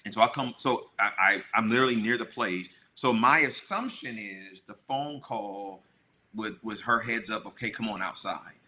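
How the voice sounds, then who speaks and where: A middle-aged man co-hosts a podcast, his fairly low voice moving at normal speed with a pushed, bright quality. He tells a story in casual chat, acting out the people he quotes.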